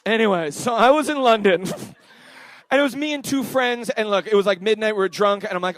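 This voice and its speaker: Young Canadian stand-up, high voice, rambling self-deprecating delivery, dry mic sound. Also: male voice, moderate pace, a bit bright, dry recording. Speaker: stand-up comedian. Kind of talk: stand-up set. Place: comedy club stage.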